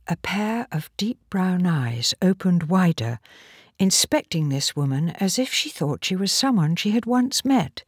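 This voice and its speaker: A woman narrating a storybook reading with expressive, animated delivery. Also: fairly low pitch, measured pace, slightly rough, dry recording, clean studio sound.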